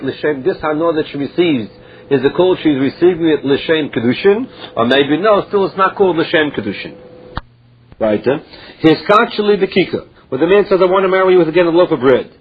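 A man's voice: fairly high pitch, fairly quick, slight background noise. A man teaching a Talmud class, reading Aramaic phrases and explaining each one in plain English. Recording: dull lo-fi recording.

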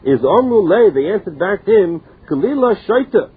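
High, breathy male Talmud teacher, chanting and translating text. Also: expressive, moderate pace, narrow, tinny audio. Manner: sing-song study chant mixing languages.

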